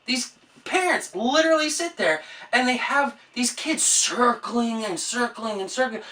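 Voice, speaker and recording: A woman's voice: on the high side, measured pace, a bit bright, far from the mic. A woman vlogger on an exasperated, profanity-laced comedic rant. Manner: exasperated, swears a lot.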